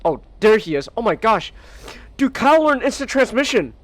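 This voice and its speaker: A man hosting a live stream, chatting casually and excitably while gaming, swearing freely. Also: very high-pitched, normal speed. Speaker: streamer and podcast host.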